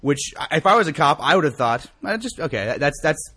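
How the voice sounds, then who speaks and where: A young man with a slightly high voice talks fairly quickly while co-hosting a casual podcast. He tells a story in a profane, animated way, acting out quotes with sharp jumps in his voice.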